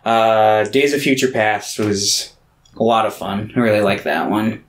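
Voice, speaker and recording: A podcast co-host rambles through casual chat, full of fillers and offhand swearing. His voice is fairly low and a little slow, with slight background noise.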